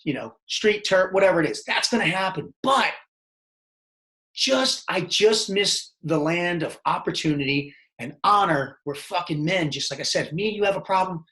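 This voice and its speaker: A man's voice: high voice, normal speed. A middle-aged man, telling rambling, profane stories as a podcast guest. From Baltimore, Maryland. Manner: profane, rambling, animated storytelling. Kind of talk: casual storytelling interview.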